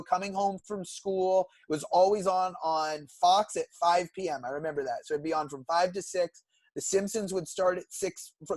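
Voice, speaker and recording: A man's voice: high-pitched, darkish tone, dry recording. Upbeat young man recapping a cartoon. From California. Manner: enthusiastic, recounts plots at length. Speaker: podcast co-host. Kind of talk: casual chat.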